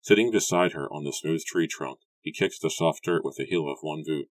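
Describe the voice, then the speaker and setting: A man reading a novel aloud as an audiobook narrator, calm and measured. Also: extremely low pitch, no room sound. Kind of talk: scripted narration.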